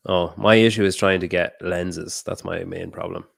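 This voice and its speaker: A man's voice: low-pitched, fairly even intonation, moderate pace, vocal fry, no room sound, studio quality. A man with an Irish accent from the north of Ireland, co-hosting a podcast in a loose, swearing, casual chat. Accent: Irish, Donegal area. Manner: laid-back, swears freely, trails off and restarts. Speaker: podcast co-host.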